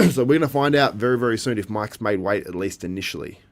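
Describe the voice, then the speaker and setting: Lowish-voiced man, casual livestream host, talks to the chat, laughs easily. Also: expressive, a little fast, creaky. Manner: chatty, reacting to the live feed and chat, laughs often. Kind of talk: casual live commentary.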